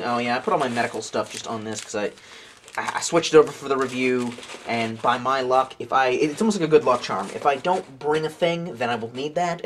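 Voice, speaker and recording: A man's voice: medium pitch, fairly bright tone, slight background noise. A man in his late twenties casually reviewing outdoor gear, rambling with jokes and offhand swearing. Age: late 20s.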